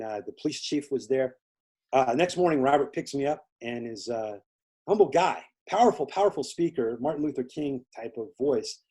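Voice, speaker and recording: The interview guest, an Indiana man, has a mellow mid-range voice with a breathy edge. He tells a long, casual story, wandering with many fillers and impersonating those he quotes.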